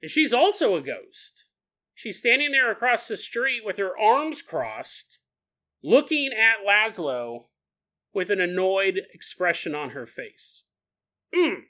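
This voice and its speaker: A man hosting a podcast, riffing in a comedic monologue, laughing often and acting out quick voices. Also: high voice, sing-song, pushed and bright. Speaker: podcast host.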